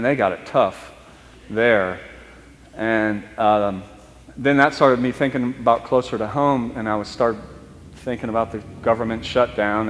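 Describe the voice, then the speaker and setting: A man preaching a storytelling sermon, talking in a conversational, halting way and slowing down for emphasis. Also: medium pitch, big-room sound. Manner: conversational, halting restarts, speeds up and slows for emphasis. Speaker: priest. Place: church.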